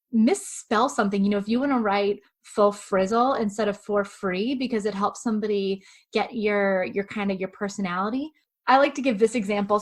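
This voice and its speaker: Chatty writer lady, kinda high voice, talks fast and punchy. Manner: quick, chatty, emphatic. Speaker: podcast guest, professional writer. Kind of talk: casual advice interview.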